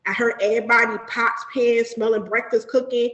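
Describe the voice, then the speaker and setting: Animated storytelling woman, echoey room. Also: a little high, fairly quick. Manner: animated, profane, acts out quoted voices. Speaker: podcast guest. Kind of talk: casual storytelling chat.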